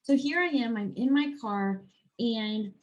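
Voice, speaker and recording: A woman health and life coach chatting casually in a podcast interview, telling a personal story and acting out her own thoughts in animated bursts. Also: on the high side, highs cut off. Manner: animated, quick swings into acted-out inner voices.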